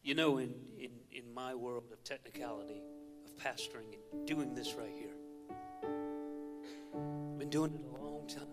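Pastor guy rambling to the congregation, loud guitar playing behind him. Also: mid-range voice, moderate pace, long pauses. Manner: informal, rambling. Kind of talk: closing remarks to a congregation. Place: church sanctuary.

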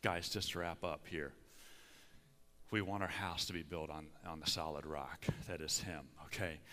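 A man's voice: extremely low pitch, steady tone, moderate pace, pushed and bright. A middle-aged man preaching a sermon in a church, folksy and conversational, often checking in with his listeners. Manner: folksy, conversational, frequent "okay?" asides. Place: church sanctuary. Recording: long hall reverb.

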